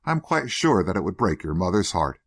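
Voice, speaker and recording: A smooth, purring older gentleman with a quiet scheming edge, as a man reads him, low in tone but swinging freely up and down. Every line carries polite, faintly mocking warmth. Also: big pitch swings, a little fast, exaggerated voice. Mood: silky. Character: suave, silkily solicitous older gentleman schemer.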